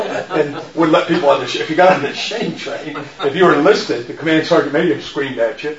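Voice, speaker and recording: A middle-aged man telling stories to an audience, laughing often and shouting when he acts out quotes. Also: mid-range voice, fast talker, hardly any pauses, a crowd in the background. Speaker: speaker giving a faith talk. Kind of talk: storytelling talk to an audience. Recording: roomy, dull lo-fi sound.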